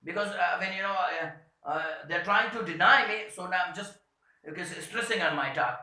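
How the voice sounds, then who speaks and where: A man teaching a grammar lesson, hesitant with many fillers, slowing down to read example sentences aloud. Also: high-pitched, pushed and bright. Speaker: English teacher. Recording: very echoey room.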